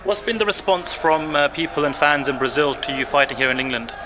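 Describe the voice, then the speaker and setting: A man's voice: on the high side, animated, fairly quick. A male interviewer asking questions after a fight, hesitant and full of fillers and restarts. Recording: noisy background.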